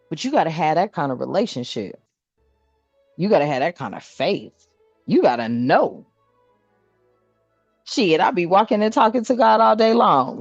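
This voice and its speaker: Cussing, lively woman card reader. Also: fairly low pitch, normal speed, long pauses, no room sound, dull audio, soft background music. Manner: blunt, profane and animated, laughing often. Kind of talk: casual channelled card reading.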